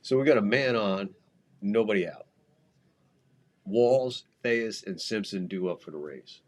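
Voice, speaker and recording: Brief: low-voiced American man, loose and profane play-by-play, jokey and rambling. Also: a little slow, a little mellow. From United States. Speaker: podcast host calling a baseball game. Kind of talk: casual live game commentary.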